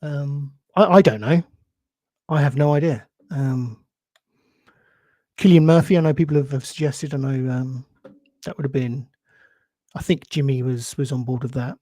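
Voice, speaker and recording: A man's voice: medium pitch, moderate pace, long pauses, mellow, no echo, studio quality. A man hosting a podcast in casual chat, answering viewer comments with many restarts and rambling asides. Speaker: podcast host.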